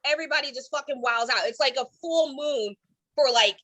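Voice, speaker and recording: A woman comedian in her thirties from Cleveland, telling stand-up stories online with animated voiced quotes. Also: high-pitched, a little fast. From Cleveland, Ohio. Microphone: streaming from home.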